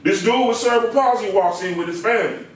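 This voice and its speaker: A man with a high-pitched voice spins a slangy, animated barbershop tale and acts out the people in it. The recording is distant from the mic and very echoey, as if caught from across a bare room. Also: fast. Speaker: barber and comedic storyteller. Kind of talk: comedic storytelling.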